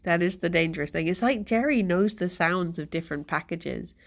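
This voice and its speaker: Giggly woman with vocal fry. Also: lowish voice, fairly quick. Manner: chatty and rambling, giggles often, reads chat aloud. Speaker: live streamer. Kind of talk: casual live-stream chat.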